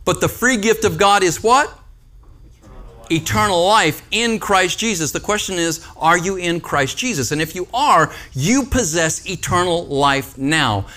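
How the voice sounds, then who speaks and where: A man's voice: high-pitched, lively intonation, a little slow, hardly any pauses, pushed and bright. A man preaching a conversational sermon as a pastor, with joking asides and frequent calls of "Amen?" and "right?" to the congregation.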